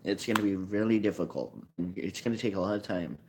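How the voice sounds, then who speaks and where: Man, lowish voice, casual rambling explainer, self-correcting, faint background hiss. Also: brisk. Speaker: card game video maker.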